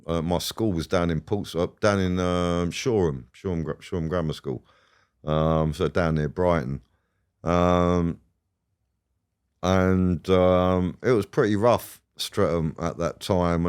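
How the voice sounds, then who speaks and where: A man's voice: sits low, steady tone, a little slow, darkish tone, smooth. A man, a podcast guest rambling through stories, swearing and laughing as he goes. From England. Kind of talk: casual storytelling interview.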